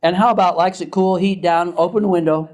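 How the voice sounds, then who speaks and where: A man's voice: sits high, fairly even intonation, fast talker, darkish tone. An older man, a therapist, lecturing a class in a casual, chatty way, laughing often and asking the audience questions.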